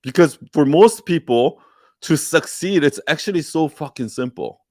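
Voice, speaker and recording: A man's voice: on the high side, lively intonation, normal speed, a little mellow, no room sound, studio quality. A man hosting a live Q&A, giving a blunt, profane, fired-up pep talk and mocking people's excuses in whiny put-on quotes. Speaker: host of a live Q&A. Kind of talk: unscripted livestream pep talk.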